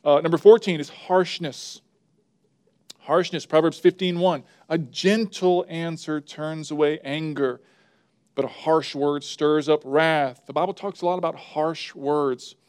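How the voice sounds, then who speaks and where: A man's voice: a little high, steady tone, measured pace, a little mellow, smooth. Emphatic man preaching a sermon. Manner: emphatic, builds up repeated phrases; talks to the slide operator mid-sermon.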